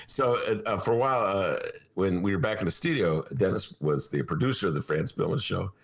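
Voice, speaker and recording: A man hosting a political podcast, talking in a mocking, animated way and laughing often. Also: deep voice, brisk, creaky. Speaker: podcast host. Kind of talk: political talk show chat.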